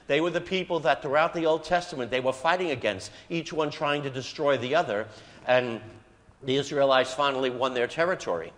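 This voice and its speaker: A man, a priest, giving a sermon in a conversational storytelling manner, acting out quoted lines with lively inflection. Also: mid-range voice. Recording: long reverb of a church.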